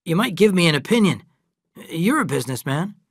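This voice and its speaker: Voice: medium pitch, sing-song, a little fast, slightly rough, no echo, clean studio sound, voice pushed up. A storyteller voicing an earnest grown man who eagerly shares a business idea, in a storybook reading for language learners.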